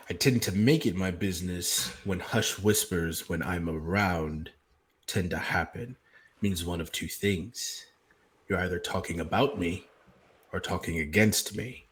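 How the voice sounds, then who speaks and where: A man voicing a charming, boastful male orc fighter in a tabletop game. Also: low-pitched. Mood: defiant. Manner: smug, flirtatious.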